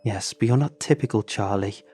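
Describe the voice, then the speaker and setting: A man's voice: lowish voice, normal speed, mellow, slightly rough, soft background music. A man voicing a stern, scarred Russian woman soldier, with a thick Russian accent and clipped, broken English. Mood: exasperated.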